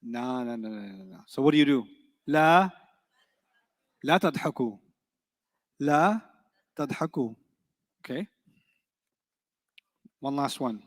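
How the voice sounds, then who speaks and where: A man teaching an Arabic grammar class, quizzing his students with quick rhetorical questions in a playful, teasing way. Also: medium pitch, expressive, in a large hall.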